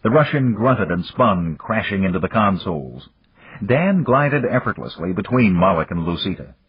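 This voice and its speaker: A man reading an action novel aloud in an expressive storytelling manner, with a husky voice. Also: deep voice, moderate pace, no room sound. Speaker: audiobook narrator. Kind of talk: scripted narration. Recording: dull lo-fi dry recording.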